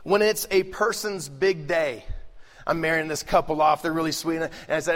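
A middle-aged male pastor preaching a lively, joking sermon, swinging between loud bursts and hushed asides. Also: a little high, fairly quick. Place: large church hall. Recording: live sermon with long hall reverb.

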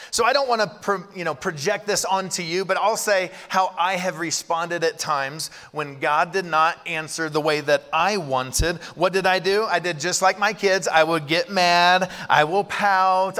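A man in his thirties preaching a sermon, animated and acting out prayers and Bible voices. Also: high voice. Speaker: pastor. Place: large church hall. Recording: reverberant hall.

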